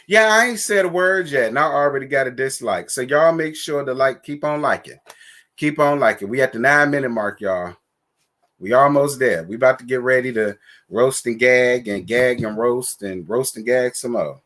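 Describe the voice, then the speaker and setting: A man hosts a casual live stream and talks to his viewers in a sassy, blunt way, full of cursing. His pitch sits at an everyday middle height, and he moves from playful shout-outs to frank, cutting remarks. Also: moderate pace.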